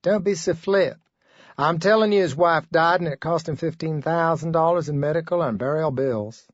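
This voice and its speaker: A man voicing a naive, excitable young wife, raising his voice high and talking in a shrill, gushing, pleading way. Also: moderate pace, no echo, dull audio, close to an everyday voice.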